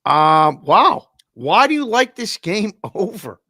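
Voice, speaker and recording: A man's voice: high voice, big pitch swings, slow, sharp tone, no room sound. A man co-hosting a casual sports betting show, teasing his partner with dry wit. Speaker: co-host.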